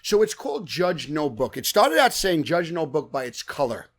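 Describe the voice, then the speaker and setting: An energetic man from Brooklyn, a podcast guest telling stories in casual chat. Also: on the high side, moderate pace. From Brooklyn, New York. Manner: energetic, animated storytelling. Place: podcast studio.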